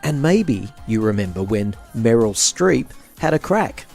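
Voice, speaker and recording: A man's voice: fairly low pitch, sing-song, measured pace, vocal fry, a little mellow, soft background music. A man with an Australian accent hosting a casual chat show, joking and self-mocking and laughing often. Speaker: podcast host.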